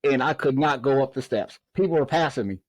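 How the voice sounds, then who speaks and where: A man's voice: medium pitch, a little fast, dry recording. A man, a former prison officer, telling a long story in a podcast interview and acting out the voices of the people in it. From Southern United States. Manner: animated storyteller, acts out quoted dialogue.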